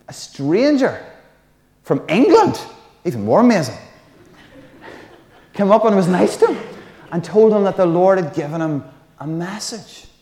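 Preacher in an echoey hall. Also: male voice, mid-range voice. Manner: lively, chatty preaching with jokey asides. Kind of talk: sermon. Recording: roomy hall reverb.

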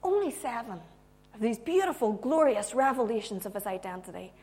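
A woman preacher giving a sermon with humorous asides, moving from loud emphasis to hushed tones. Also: on the high side, lively intonation, brisk.

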